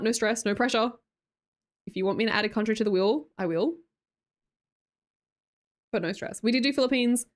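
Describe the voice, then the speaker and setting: A playful woman with an Australian accent, chatting late at night with her livestream viewers and laughing often. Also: on the high side. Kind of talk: casual livestream chat.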